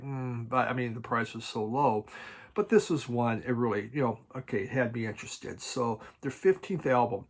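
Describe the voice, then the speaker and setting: A man chatting casually about his record collection at home, halting and restarting often and chuckling now and then. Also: medium pitch, fairly bright tone. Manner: halting, many restarts and repeated words. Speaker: vinyl record collecting vlogger. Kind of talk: casual rambling chat.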